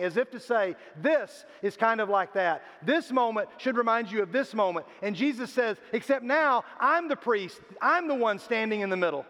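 A man's voice: high voice, a bit bright. An older man, a grandfather, preaching a sermon as pastor and telling stories with acted-out voices. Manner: storytelling, acts out quoted voices. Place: church sanctuary. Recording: reverberant hall, dull lo-fi sound.

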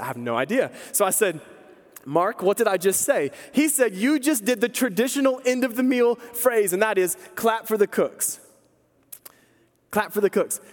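A man preaching a sermon as pastor, telling a story in a conversational, emphatic way. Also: sits high. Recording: long hall reverb.

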